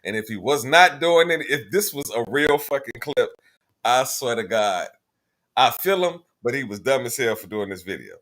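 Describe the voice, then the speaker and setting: A man's voice: medium pitch, lively intonation, moderate pace, a bit bright. A man hosting a casual call-in talk show, talking bluntly and profanely in a laid-back way.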